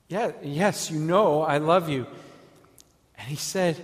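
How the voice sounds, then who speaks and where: A man telling a first-person dramatic monologue as an apostle, moving between hushed reflection and eager storytelling. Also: on the high side, slow pace, pauses often. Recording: echoey hall with long reverb.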